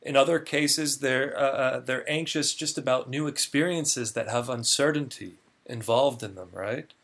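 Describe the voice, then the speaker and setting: This man, a clinical research guest, talks about his job earnestly in a conversational interview, tending to repeat words as each thought begins. He speaks at a moderate pace in a medium-pitched, gravelly voice with a fairly bright tone.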